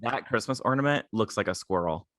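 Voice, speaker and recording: A man's voice: lowish voice, lively intonation, brisk, noisy background. A man co-hosting a podcast in casual chat, rambling with stammered restarts and plenty of fillers. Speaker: podcast co-host.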